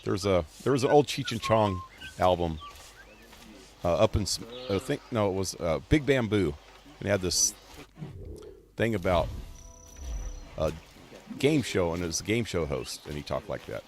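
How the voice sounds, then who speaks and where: A man giving casual gameplay commentary on a live stream, relaxed and rambling, coughing often. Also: low voice, normal speed, long pauses. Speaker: game streamer.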